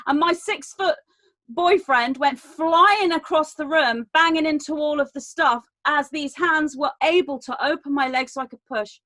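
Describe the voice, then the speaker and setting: A woman with a high voice tells a personal story in an earnest, animated way. She often restarts her sentences. The sound is dry and close, with no room echo. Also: moderate pace. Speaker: round table guest. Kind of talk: personal storytelling in an online panel.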